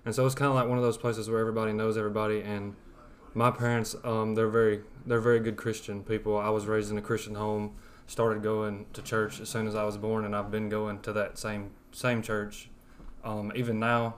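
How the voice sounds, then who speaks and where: Young man, thick Alabama accent, low voice, flat delivery, earnest testimony. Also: a little fast, slight background noise. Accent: thick Southern US, Alabama. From West Alabama. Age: young adult. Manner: earnest, rambling with fillers. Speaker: podcast guest. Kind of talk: sharing a personal testimony.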